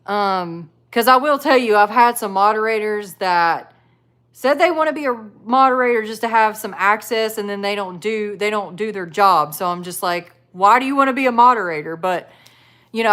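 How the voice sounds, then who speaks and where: A woman's voice: medium pitch, expressive, moderate pace, fairly bright tone. A woman hosting a casual live stream, reading chat comments aloud and talking with viewers. She chats loosely, laughs often and fills her talk with "like". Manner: chatty, laughs often, many "like" fillers. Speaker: livestream host reading chat.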